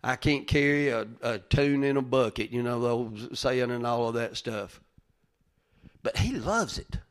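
An older man, preaching in a conversational style, calling listeners by name and moving between loud rises and quiet asides. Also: medium pitch, little pitch movement, normal speed, smooth. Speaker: pastor. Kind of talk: conversational sermon.

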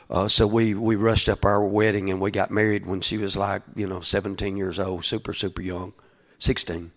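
A man, preaching a conversational sermon full of restarts, building to louder passionate peaks. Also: on the low side. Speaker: pastor.

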